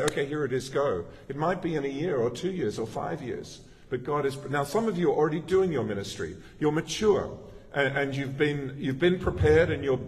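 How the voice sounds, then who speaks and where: Man preaching in an echoing church. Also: fairly high pitch. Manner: conversational, anecdotal preaching with frequent restarts. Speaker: pastor. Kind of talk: sermon. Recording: long reverb of a church hall.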